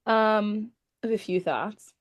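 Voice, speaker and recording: A woman's voice: medium pitch, unhurried, lo-fi sound. Giggly young woman co-hosting a podcast. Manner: giggly, laughing through her words. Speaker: podcast co-host. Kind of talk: casual recap chat.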